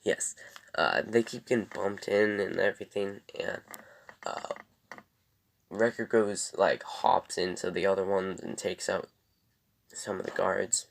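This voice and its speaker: A man's voice: sits low, steady tone, unhurried, gravelly, pauses often. A young man giving a casual TV episode review in a rambling, loose way, with many ums and corrections.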